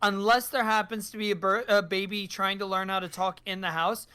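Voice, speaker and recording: A man's voice: sits high, flat delivery, brisk, bright, forceful tone, smooth. A man co-hosting a podcast in casual chat, laid-back and wry. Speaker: podcast co-host.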